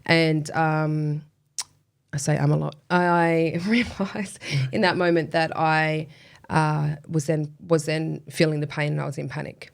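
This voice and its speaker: A woman's voice: low-pitched, little pitch movement, unhurried, vocal fry. A woman guest telling a personal story in a casual interview, chatty with lots of fillers and self-deprecating laughs.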